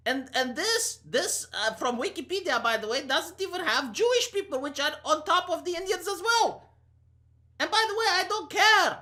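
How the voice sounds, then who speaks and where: In her opinion vlog, a Romanian-accented commentary vlogger in her thirties delivers a sarcastic, profane rant to camera. She speaks in a slightly high voice with a sharp tone.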